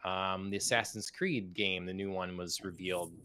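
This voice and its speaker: A man co-hosting a gaming podcast, talking in a relaxed, rambling way with many fillers. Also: low voice, moderate pace, a little hiss or hum. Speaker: podcast co-host. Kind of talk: casual gaming chat.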